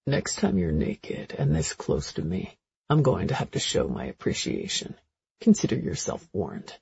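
Audiobook love interest: woman reading a cocky, protective young man, dropped low, slow and teasing, warm and dark. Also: sing-song, vocal fry, breathy edge, no room sound, lo-fi sound, full character voice.

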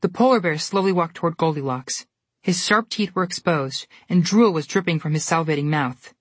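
A woman telling a storybook tale in steady, expressive scripted narration. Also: lowish voice, a little fast, no room sound.

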